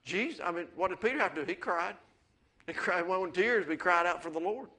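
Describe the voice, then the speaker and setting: Male pastor, high and bright, folksy preaching that builds to excitement. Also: fast talker. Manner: folksy storytelling, rising to excited preaching with amens. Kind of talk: sermon.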